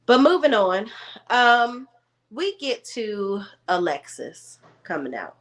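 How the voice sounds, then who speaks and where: A woman chats straight into her home camera. She is sassy and animated, talks to her viewers like friends, and keeps her recap casual. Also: mid-range voice, slow pace. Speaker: reality TV recap vlogger. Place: room at home.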